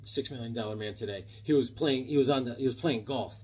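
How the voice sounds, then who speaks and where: At a fast clip, his medium-pitched voice sounding a little mellow over slight background noise, a man in his seventies displays the old comics he's collected. It's a casual haul video, and he rambles and jokes with enthusiasm.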